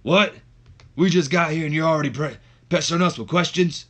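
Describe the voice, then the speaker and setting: A man voicing a brash, cranky male wrestler who shouts dismissively. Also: fairly quick. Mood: irritated. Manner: shouty, dismissive, high-pitched.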